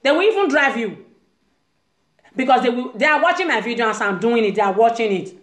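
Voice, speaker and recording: A woman's voice: a little high, lively intonation, fairly quick, roomy sound. A Nigerian-accented woman hosting her own online show, delivering an impassioned monologue from a house and acting out the voices she quotes. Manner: emphatic, acts out quoted voices, Nigerian Pidgin-tinged English. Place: room in a private house.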